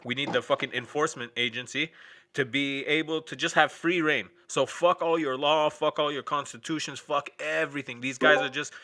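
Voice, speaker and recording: A man's voice: mid-range voice, bright, forceful tone, slight background noise. A man hosting a late-night stream, ranting in a profane, sarcastic, rambling way. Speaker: stream host. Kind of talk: casual ranting chat.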